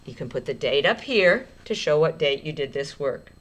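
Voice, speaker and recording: A woman teacher giving a slow, clear writing lesson to young children, speaking in an encouraging way. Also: low voice, animated, noisy background.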